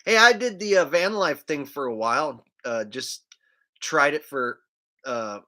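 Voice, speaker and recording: A man's voice: on the high side, measured pace, pushed and bright. A man hosting a casual livestream, rambling loosely and dropping "man" and "like" as he talks. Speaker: livestream host.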